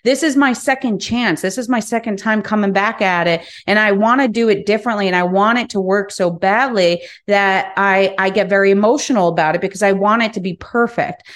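A woman with a medium-pitched voice hosts a business podcast in a candid monologue. She speaks frankly, swears occasionally, and repeats words as she thinks things through.

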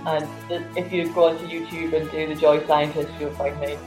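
A woman's voice: sits low, level tone, brisk. A woman, a guest in an interview, telling stories animatedly, laughing often and acting out voices. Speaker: guest, laughter yoga teacher. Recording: roomy, slightly dull sound with faint music.

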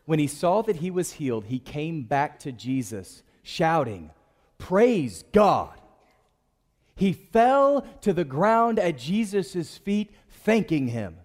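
A man's voice: a little high, sing-song, unhurried, few pauses, darkish tone, big-room sound. A man preaching a sermon in church, calling on the congregation to respond. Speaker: pastor.

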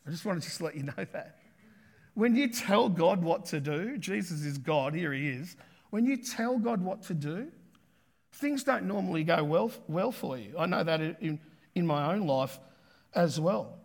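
A pastor preaching a sermon with emphatic delivery, repeating key words and acting out quotes. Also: male voice, a little high, lively intonation, measured pace, gravelly.

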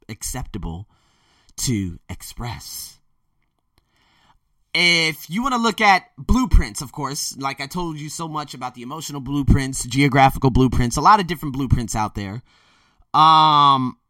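Young man, lively storytelling voice, bright tone, dry sound a bit off the mic. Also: medium pitch, no echo, far from the mic. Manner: animated, loose and conversational, swinging from loud to quiet. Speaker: vlogger telling personal stories. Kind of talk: casual storytelling monologue.

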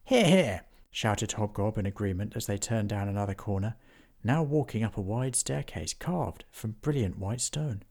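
A man narrating a children's storybook in an even, unhurried way. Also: fairly low pitch, gravelly.

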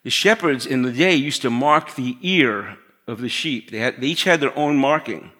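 A middle-aged man preaching a sermon in a conversational way, dropping to a hush to stress his points. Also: mid-range voice, moderate pace. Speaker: pastor.

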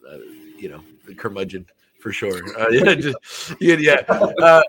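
A Canadian man co-hosting a podcast in easy, casual chat. He jokes at his own expense and keeps restarting his sentences. His voice sits at an ordinary middle pitch. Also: very animated, measured pace, fairly bright tone, husky. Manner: joking, self-deprecating, stumbling restarts. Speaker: podcast co-host.

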